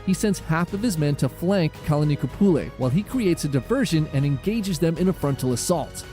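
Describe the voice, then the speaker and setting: A man giving dramatic, measured scripted narration of a history documentary. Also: fairly high pitch, expressive, mellow. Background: faint music.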